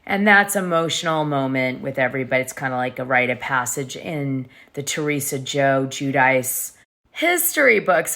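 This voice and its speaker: A woman's voice: extremely low pitch, animated, normal speed, a bit bright. A woman hosting a gossip show, recapping reality TV episodes in a chatty, conspiratorial way.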